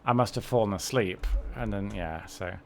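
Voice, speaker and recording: A man's voice: fairly low pitch, moderate pace, faint music behind. A young adult man chatting casually and wryly on a livestream while playing a game, often restarting his sentences. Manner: rambling, self-correcting, wry. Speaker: streamer.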